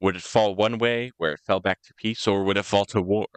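A man's voice: on the low side, steady tone, fairly quick, clean tone, dry recording. A young man from the United States co-hosting a podcast, telling history in a rambling, joking way. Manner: rambling, joking, puts on voices for quotes. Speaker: podcast co-host. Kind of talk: casual chat, storytelling.

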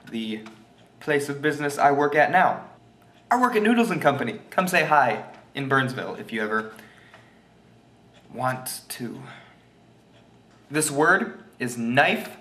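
A young man giving a jokey, mock language lesson, goofy and deliberate and unsure of his own facts. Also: mid-range voice, a bit bright. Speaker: self-styled language teacher. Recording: roomy echo.

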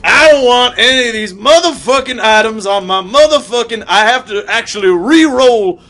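Man doing a tough guy impression, loud, swearing, higher pitched, bright edge. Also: lively intonation, normal speed, faint music behind, exaggerated voice. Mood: angry. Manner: loud, profane, shouting.

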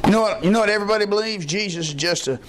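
A man preaching a sermon as pastor, folksy, acting out the voices in his stories and rising to shouts. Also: sits high, very fast, noisy background. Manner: folksy storytelling, acts out voices; rises to shouts when fired up. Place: church.

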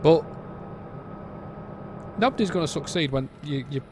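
A man's voice: fairly high pitch, lively intonation, unhurried, noisy background. A British man giving a casual, blunt and exasperated game review, rambling with frequent restarts.

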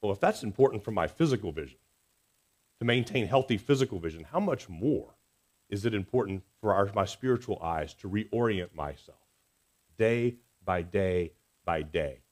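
A man preaching a Sunday sermon in a church, earnest and expressive, swinging between emphatic rises and soft, quiet drops. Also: on the low side, brisk. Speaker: pastor. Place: church sanctuary.

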